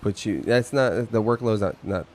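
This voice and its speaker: Low-voiced male podcast host, easygoing, short agreeing replies. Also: moderate pace. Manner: laid-back, mostly short agreeing replies. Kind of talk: casual podcast chat.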